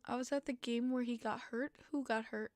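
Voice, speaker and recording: A woman's voice: fairly high pitch, steady tone, fairly quick, dry recording. Tired, opinionated young woman hockey fan. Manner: chatty, opinionated fan reading chat comments. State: tired, yawning. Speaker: podcast host. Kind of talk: casual live-stream chat about hockey.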